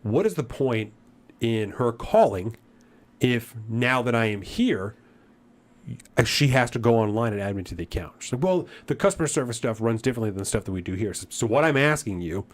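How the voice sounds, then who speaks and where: A man's voice: mid-range voice, brisk. A man on a podcast recounting an annoying store visit, his voice sitting in an ordinary middle register. He plays both himself and the clerk as he tells it, swearing freely. The story grows into an irritated rant. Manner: animated retelling that grows into irritated ranting. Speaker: podcast co-host. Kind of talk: casual storytelling chat.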